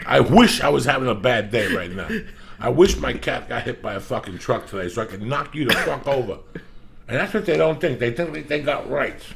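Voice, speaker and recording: A man hosting a podcast, ranting loudly and profanely in comedic style. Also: medium pitch, lively intonation, a little fast, gravelly, slight background noise. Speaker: podcast host.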